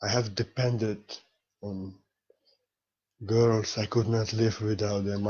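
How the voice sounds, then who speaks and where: A man's voice: lowish voice, flat delivery, takes it slowly, long pauses, darkish tone, highs cut off. A man giving an informal spiritual talk as a teacher, speaking candidly and emotionally, blunt and sometimes swearing.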